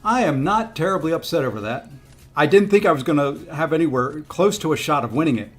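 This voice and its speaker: This streamer's voice sits on the high side, expressive and fast, over soft background music. He narrates a mobile fighting game casually, self-talking and addressing chat in a rueful, relaxed way while coaxing his opponent.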